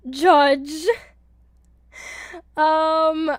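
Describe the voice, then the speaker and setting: A young woman chatting casually on a live stream as a VTuber, reading her chat aloud, giggling often and getting loud when excited, with casual swearing. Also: sits high, measured pace, long pauses, dry recording, studio quality. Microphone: headset mic with headphones.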